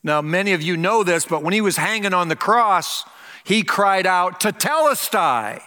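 An older male pastor gives a Christmas sermon in a church sanctuary, his high voice bright and his intonation fairly even. He preaches earnestly, stretching key phrases out slowly, while the room adds a long reverb.

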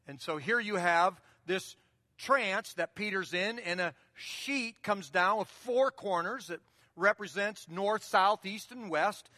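Male pastor, high bright voice, conversational sermon, repeats phrases, long hall reverb. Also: clean studio sound.

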